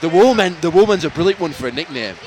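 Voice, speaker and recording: A man's voice: a little high, expressive, quick pace, crowd noise. A man, co-hosting a football fan podcast outdoors at a match, chatty and laughing, full of rambling asides. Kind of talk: casual football banter.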